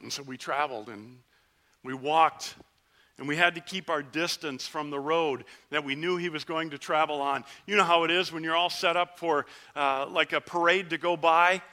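A man with a fairly high voice and a moderate pace takes on the role of a leper among ten. He tells the tale as an earnest first-person dramatic sermon, a vivid storyteller who cries out the plea and then lowers to a hush.

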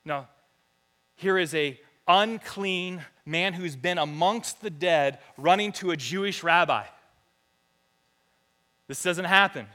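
A man's voice: high-pitched, takes it slowly, pauses often, bright, forceful tone. A man preaching a sermon in a church, reading scripture and building to fervent repeated phrases. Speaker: pastor. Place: church hall.

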